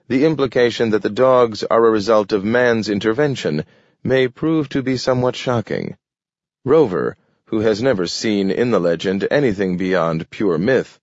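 A man narrating an audiobook in a measured, deliberate reading. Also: mid-range voice, darkish tone, no room sound. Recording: dull lo-fi recording.

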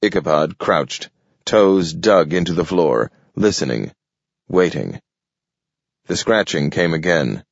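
Deep-voiced, slow male narrator. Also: lively intonation, gravelly, dry recording. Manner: slow and measured. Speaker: audiobook narrator. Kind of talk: scripted narration. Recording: dull lo-fi audio, dry.

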